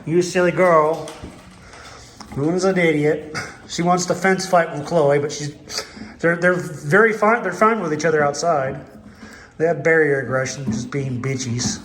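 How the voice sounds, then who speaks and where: A man at an animal shelter chats through the kennels at night and drops into soft baby talk with the dogs. His voice sits a bit high for a man. The hard kennel room gives it a ringing echo, with a faint hiss of noise underneath. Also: unhurried. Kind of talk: casual walkthrough vlog.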